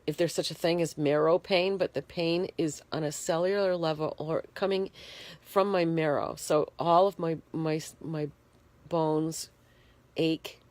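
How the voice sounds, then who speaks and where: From her bed, a shivering, congested woman chats plainly into the phone she's holding for a casual video diary. The vlogger's deep, slightly mellow voice is captured dry, and she takes her time explaining in detail.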